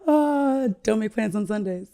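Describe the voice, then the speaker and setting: A woman's voice: fairly high pitch, animated, a little slow, vocal fry, warm tone. Chatty laughing woman in her thirties. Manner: chatty, laughs often, says "like" a lot. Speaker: podcast guest. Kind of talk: casual chat.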